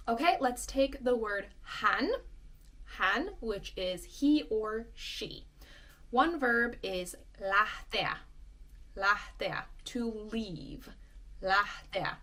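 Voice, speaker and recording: A young adult woman teaching a language lesson, explaining patiently and repeating example words clearly. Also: medium pitch, very slow, pushed and bright.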